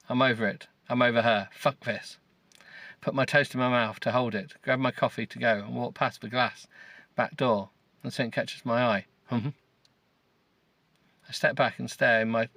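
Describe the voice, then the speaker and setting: A man's voice: medium pitch, a bit bright, no echo. A middle-aged man hosting a podcast, reading a novel aloud with sarcasm, swearing and stumbling over words. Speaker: podcast host. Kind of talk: mocking comedic reading of a novel.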